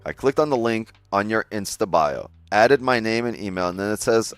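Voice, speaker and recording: A man's voice: lowish voice, expressive, normal speed, hardly any pauses, clean tone, no echo, faint music behind. A man hosting a casual trading live stream, talking straight to his chat in a loose, joking way and swearing often.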